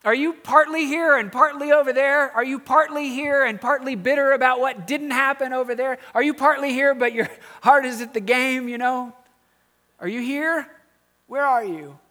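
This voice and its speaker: A pastor preaching a sermon in a conversational way, with quiet asides and emphatic rising questions. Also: male voice, very high voice, fairly even intonation, normal speed.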